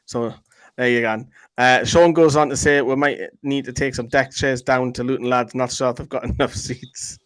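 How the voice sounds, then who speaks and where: A man's voice: mid-range voice, fairly even intonation, smooth, no echo, rough recording. A man co-hosting a fan channel, reading viewer comments in rambling casual chat. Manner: chatty, rambling, quick to joke.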